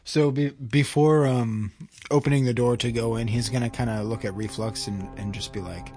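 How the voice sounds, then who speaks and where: A man's voice: mid-range voice, fairly even intonation, normal speed, darkish tone, soft background music. Laid-back man playing a tabletop game. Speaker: player. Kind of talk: casual tabletop play.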